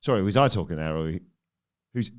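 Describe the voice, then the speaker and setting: Dry low-voiced man recapping wrestling. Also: expressive. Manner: dry, brisk recapper who steers the talk back on topic. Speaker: podcast co-host. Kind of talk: casual wrestling review recap.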